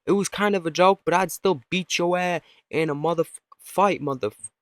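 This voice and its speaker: A man's voice: high-pitched, normal speed, fairly bright tone, dry recording, studio quality, pitched above the performer's own voice. A man voicing a foul-mouthed, angry dog that threatens and demands food. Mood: aggressive. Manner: swearing, snarling.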